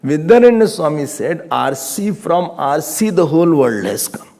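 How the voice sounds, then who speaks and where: A man's voice: a little high, animated, moderate pace, darkish tone. A man giving a scripture class lecture as a Vedanta teacher, patiently repeating his points for emphasis.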